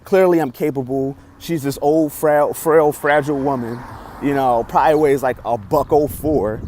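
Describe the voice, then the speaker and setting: Young man vlogger, expressive storyteller, mid pitch, faint street noise outside. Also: moderate pace. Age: young adult. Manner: excitable, swings loud and soft, acts out lines. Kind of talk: animated storytelling.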